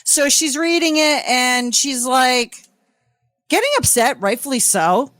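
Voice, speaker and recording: A woman's voice: high-pitched, a little slow, a bit bright, dry recording. A woman co-hosting a podcast, telling a story casually and profanely, acting out what others said. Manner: profane, acts out others' quotes. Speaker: podcast co-host.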